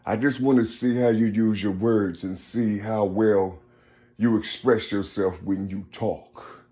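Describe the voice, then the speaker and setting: A man delivering a rambling personal monologue. He keeps repeating "you see," stumbles and restarts, and swings from low murmurs to raised, emphatic bursts. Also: steady tone, unhurried, darkish tone.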